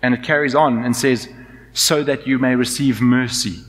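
A man preaching in a church, his voice carried by a long hall reverb. He swings between raised, urgent emphasis and hushed, tender moments, in a middle-pitched tone. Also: steady tone, normal speed. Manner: passionate, rising to loud emphasis and dropping to soft intimacy. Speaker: pastor. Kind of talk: sermon.

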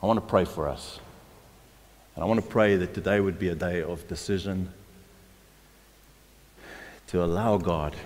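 Deep-voiced male pastor preaching in a hall. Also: a little mellow, slight background noise. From South Africa. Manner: emphatic, exhorting, with repeated restarts. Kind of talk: sermon. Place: church hall. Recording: long hall reverb.

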